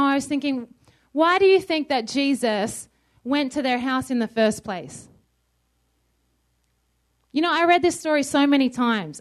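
A woman from Australia preaching a conversational sermon and asking her listeners questions. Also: high-pitched. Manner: conversational, asks the crowd questions.

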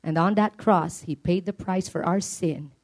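A woman's voice: unhurried, darkish tone. Earnest woman preacher. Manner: earnest, emphatic, rising in pitch on repeated appeals. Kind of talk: sermon.

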